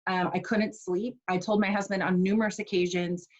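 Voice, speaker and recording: A woman's voice: mid-range voice, fairly even intonation, brisk, dull audio. Chatty woman teaching a class online. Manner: chatty and personal, lots of fillers. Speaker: essential oils class teacher.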